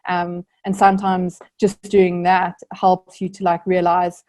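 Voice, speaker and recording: A woman's voice: on the low side, monotone, a little slow, darkish tone. A young woman from South Africa, an Olympic rower, answering interview questions in an earnest, reflective way with many fillers.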